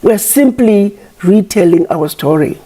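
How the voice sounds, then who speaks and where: A woman's voice: medium pitch, expressive, a little slow, dark tone, husky. A woman giving an impassioned public address, scolding her critics with repeated rhetorical questions.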